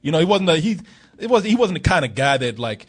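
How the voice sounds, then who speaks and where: A man hosting a film review podcast, chatting casually, animated and loose with his swearing. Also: a little high, fast talker, slightly rough. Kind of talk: casual chat.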